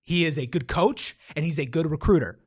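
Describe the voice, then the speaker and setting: A man with a high voice argues his points on a sports show in a loose, emphatic, slangy way. The sound is dry and close, with no room around it. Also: fairly quick, no room sound. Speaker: sports podcast co-host. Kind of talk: casual sports talk.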